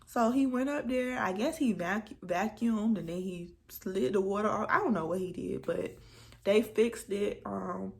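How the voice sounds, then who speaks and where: Gravelly-voiced woman telling a story. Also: mid-range voice, unhurried. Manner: animated, dramatic retelling with quoted dialogue. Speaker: vlogger. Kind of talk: casual storytime chat.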